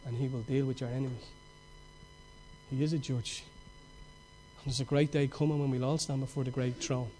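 A middle-aged man preaching a sermon with passion, telling stories and swinging between loud outbursts and hushed moments. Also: medium pitch, flat delivery, moderate pace, long pauses, a little hiss or hum.

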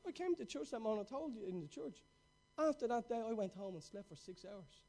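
A middle-aged man preaching a sermon with passion, telling stories and swinging between loud outbursts and hushed moments. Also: very high-pitched, animated, fairly quick, gravelly.

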